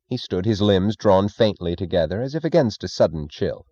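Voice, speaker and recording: A man narrating an audiobook in a steady, deliberate reading. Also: low voice, no room sound, muffled recording.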